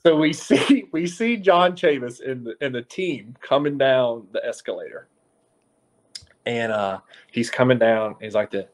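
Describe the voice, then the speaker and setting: Animated male sports reporter telling stories. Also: mid-range voice, measured pace. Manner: animated storyteller, acts out quotes. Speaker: local TV sports reporter, guest. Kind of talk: casual podcast storytelling.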